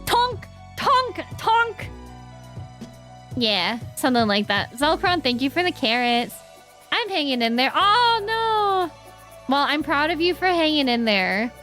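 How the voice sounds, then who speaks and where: A young woman talks casually to her stream chat, earnest and open, now and then slipping into playful silly noises. Her voice sits a little higher than most, and faint music plays underneath. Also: lively intonation, normal speed, fairly bright tone.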